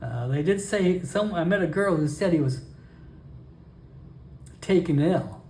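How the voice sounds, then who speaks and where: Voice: mid-range voice, lively intonation, measured pace, dark tone, slight background noise. A solo role-player voicing a polite, earnest male goblin traveler who stammers and hesitates, recorded in an echoey room.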